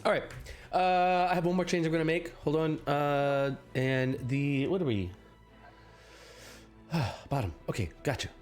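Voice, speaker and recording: A man narrates a tabletop game as its game master, halting and restarting as he goes. He says he is sick. Faint music plays behind him. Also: a little high. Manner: scattered, halting, lots of restarts.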